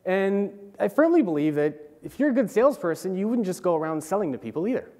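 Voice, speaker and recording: A young man gives a casual talk at a conference, his voice sitting slightly high. He is animated and keeps stopping to restart with fillers. The sound carries a long reverb from a large hall. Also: fast. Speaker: conference speaker. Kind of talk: conference presentation.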